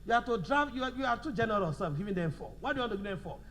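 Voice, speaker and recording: Male law lecturer, high voice, drills the class with fill-in-the-blank questions and dictates slowly. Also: expressive, noisy background. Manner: slows down to dictate notes.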